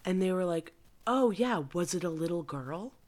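A woman's voice: on the low side, lively intonation, normal speed, darkish tone. A woman in her twenties, a podcast co-host, telling stories in a loose, casual way and swearing freely. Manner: loose, profane storytelling. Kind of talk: casual chat.

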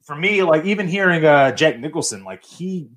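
A man from Texas hosting a casual stream chat, relaxed and rambling, with casual swearing. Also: fairly high pitch, normal speed. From Austin, Texas. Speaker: host.

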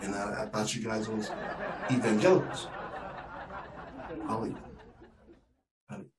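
A man's voice: lowish voice, expressive, measured pace, a crowd in the background. A male stand-up comedian telling a story in a conversational, mock-incredulous manner. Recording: roomy live venue from a distance.

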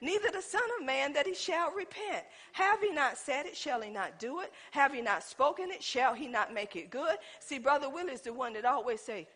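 A woman's voice: high voice, normal speed, few pauses. A woman preaching a sermon, telling stories and calling out to the congregation. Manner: animated storytelling, addresses congregation as y'all.

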